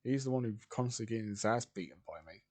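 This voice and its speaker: A man's voice: on the low side, expressive, fast, a little mellow. A man voicing a cocky, blunt teenage boy. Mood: dismissive.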